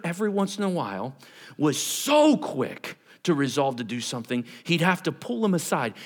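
Lively, animated male preacher. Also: sits high. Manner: animated preaching, acting out Bible characters in casual voices. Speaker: pastor. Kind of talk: sermon.

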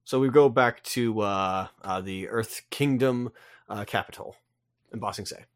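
Somewhat low-voiced male co-host, jokey and quick to correct himself, dry close recording. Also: dry recording. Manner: joking, with self-corrections. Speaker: podcast co-host. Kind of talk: casual chat recapping a comic.

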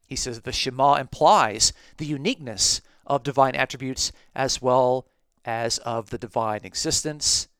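A man hosting a talk podcast, reading from commentaries and explaining them in a measured way. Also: medium pitch, fairly bright tone, clear, resonant tone, no echo. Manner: measured, explanatory, quotes sources aloud. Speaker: podcast host.

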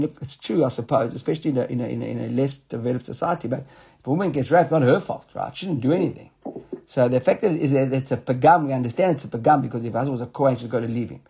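A man teaching a Talmud class who reads passages aloud, then explains them in a halting way, often repeating words. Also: a little high, darkish tone, breathy edge.

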